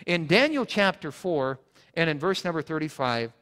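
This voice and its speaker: In a sing-song voice that's a little high and fairly bright, a man preaches as pastor at a moderate pace. The setting is a church sanctuary with long reverb. He is earnest, restates points for emphasis, and keeps restarting his words.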